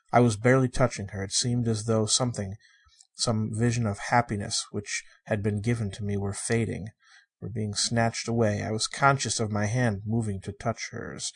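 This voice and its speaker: A man reading a story aloud in the first person, in a measured, emotive way. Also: lowish voice, little pitch movement, vocal fry, slightly rough. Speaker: audiobook narrator.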